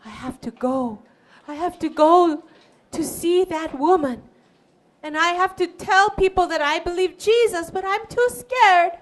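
Woman putting on a teenage girl, frightened, tearful, pleading, very high voice. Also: unhurried. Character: frightened teenage girl who runs away.

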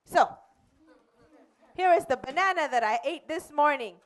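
A woman's voice: high voice, moderate pace. A woman playing a bold, cheerful male missionary. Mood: calm defiance. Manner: animated and playful. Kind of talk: children's church skit acting.

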